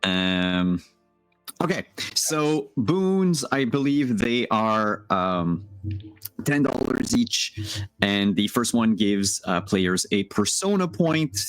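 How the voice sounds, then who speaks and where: A man acting as game master, explaining the rules in a relaxed way, with plenty of pauses and fillers. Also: lowish voice, no room sound, soft background music. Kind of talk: casual livestream chat.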